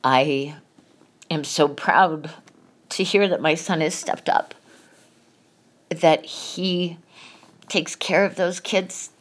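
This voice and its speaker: Middle-aged woman, podcast host, confessional monologue, raw and emotional, swears a lot, lowish voice. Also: steady tone, slow, long pauses. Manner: candid, emotional, swears freely.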